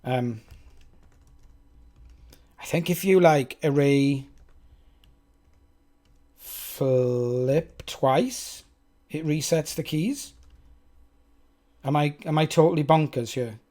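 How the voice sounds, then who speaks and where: A man's voice: on the high side, slow, pauses often, dark tone. A man with a Welsh accent thinks aloud as he codes on a live stream, chatting with viewers and poking fun at himself. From Wales. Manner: chatty, self-mocking, talks to chat.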